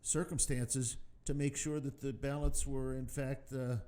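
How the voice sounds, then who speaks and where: A man's voice: mid-range voice, level tone, a little slow, dark tone. A man co-hosting a talk radio show who speaks earnestly and stumbles over repeated words as he starts a sentence.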